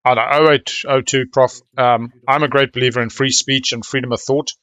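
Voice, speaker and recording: A man from South Africa with a South African accent, commentating live on a board game in a chatty, excitable, slangy way. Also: medium pitch, fairly quick, no echo.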